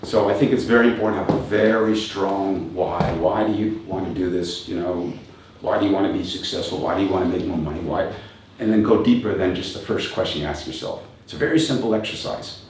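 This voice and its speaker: Low-voiced man in his fifties, echoey hall. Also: a little fast, darkish tone. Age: 50s. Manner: reflective, asks rhetorical questions, chuckles often. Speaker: motivational speaker and coach. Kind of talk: live talk to an audience. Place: event venue with a live audience. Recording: very echoey room, distant mic, faint noise.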